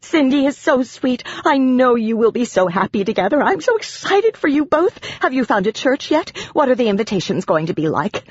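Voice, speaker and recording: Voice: mid-range voice, sing-song, moderate pace, few pauses, breathy edge, dry recording, lo-fi sound, pitched above the performer's own voice. Narrator playing a gushing, tearful mother. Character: excitable middle-aged mother, emotional.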